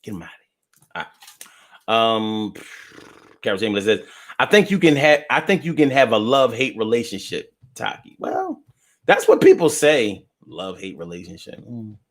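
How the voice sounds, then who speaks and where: Animated man, wildly swinging pitch. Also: normal speed. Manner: animated, profane, playful, swings between loud outbursts and mutters. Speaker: live-stream host reading viewer comments. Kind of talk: casual live chat.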